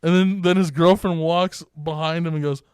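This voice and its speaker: A man's voice: on the high side, fairly even intonation, moderate pace, darkish tone, clear, resonant tone, no room sound. A young man co-hosting a podcast, telling a bar story in casual, profane, laughing chat. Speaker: podcast co-host.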